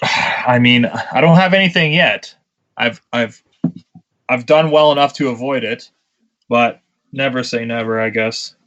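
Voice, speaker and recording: A man's voice: medium pitch, measured pace, fairly bright tone, a little hiss or hum. Blunt, swearing male wrestler for a podcast; muffled, slightly dull audio. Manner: blunt, profane, ranting storyteller. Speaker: pro wrestler, podcast co-host. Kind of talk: casual podcast chat.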